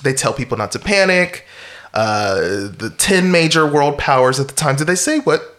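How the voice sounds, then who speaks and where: A man's voice: fairly high pitch, lively intonation, normal speed, a bit bright. A man casually recapping a film's plot as a podcast co-host, rambling and wry, with frequent chuckles and fillers. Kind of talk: casual chat recapping a film.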